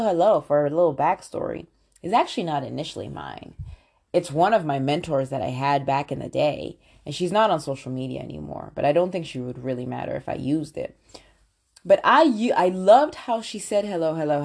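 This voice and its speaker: A woman hosting a talk, coaching listeners on personal branding in an animated, motivational way. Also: on the low side, creaky. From London-based. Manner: animated, sing-song repeated greetings, coaching tone. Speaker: podcast host and branding coach. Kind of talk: motivational monologue.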